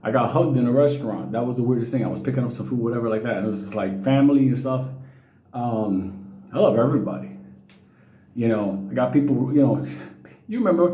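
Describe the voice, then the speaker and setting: A middle-aged man, telling stories to his viewers in a casual, profane, animated way. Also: medium pitch, echoey room, muffled recording. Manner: profane, animated, quotes people in raised voices. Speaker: vlogger.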